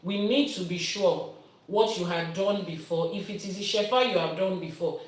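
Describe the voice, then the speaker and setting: A woman's voice: lowish voice, moderate pace. A woman, a priestess teaching and answering viewers' questions with everyday comparisons. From Nigeria. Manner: explains with everyday comparisons, lively teacherly delivery. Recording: roomy sound from a distant mic.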